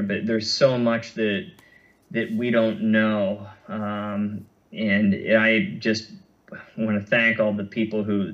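A man on the low side with a slightly bright voice appears as an interview guest, thoughtfully talking through running injuries. His conversational answers are full of fillers and restarts, and the remote-call audio is muffled and lo-fi.

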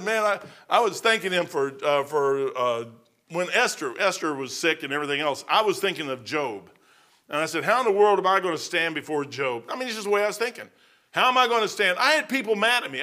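Folksy guy preaching, rambly storyteller, kinda high bright voice. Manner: folksy, rambling, repeats words, acts out dialogue. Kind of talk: informal sermon with personal stories.

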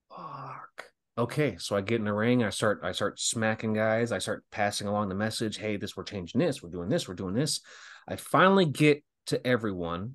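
A professional wrestler in his thirties appears as a guest on a casual podcast, telling stories animatedly with lots of laughter and free swearing. His voice is fairly low in pitch.

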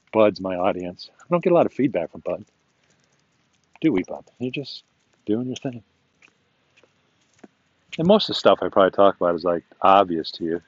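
A man's voice: on the low side, no room sound, lo-fi sound. A man hosting a podcast, rambling casually to himself and his dog while walking outdoors and chuckling often. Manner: chatty and self-talking, chuckles often. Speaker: podcast host.

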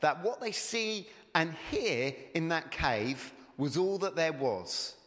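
A man's voice: a little high, animated, slow pace, fairly bright tone. A man preaching a sermon, conversational and digressive, retelling a story before turning to the Gospels. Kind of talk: sermon with read-aloud story. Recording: long hall reverb.

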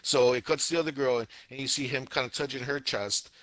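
A young man co-hosting a casual podcast, recounting a show with exasperated, animated energy and silly put-on voices for the scenes. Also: medium pitch, fast talker, dry recording. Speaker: anime podcast co-host. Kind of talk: casual podcast review chat.

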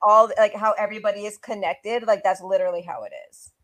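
A woman's voice: medium pitch, fairly even intonation, quick pace. A young adult woman co-hosting a casual chat, gossipy and full of "like" fillers. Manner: chatty, gossipy, filler-heavy. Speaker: co-host.

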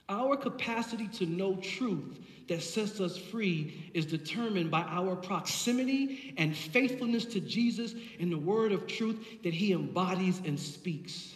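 A man's voice: sits high, expressive, measured pace. A man preaching a sermon as pastor, impassioned and building through repeated phrases, heard in a church sanctuary. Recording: echoey hall from far off.

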